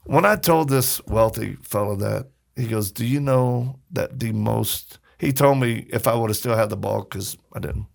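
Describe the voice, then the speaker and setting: Gravelly man telling animated stories. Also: medium pitch, moderate pace, few pauses. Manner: animated storyteller, acts out quoted voices. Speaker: podcast guest. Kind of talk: casual storytelling.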